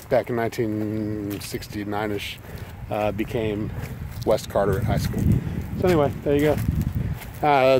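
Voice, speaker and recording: A man's voice: medium pitch, background noise. A middle-aged man telling a personal story in a folksy, self-deprecating way, outdoors. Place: outdoors by an old school building.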